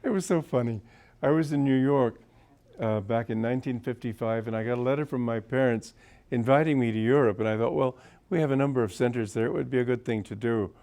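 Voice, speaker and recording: A man's voice: mid-range voice, fairly quick, mellow. A man in his seventies with a sore throat, giving an informal spiritual talk as a teacher and telling anecdotes as a genial storyteller. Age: 70s. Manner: genial storyteller, often chuckling.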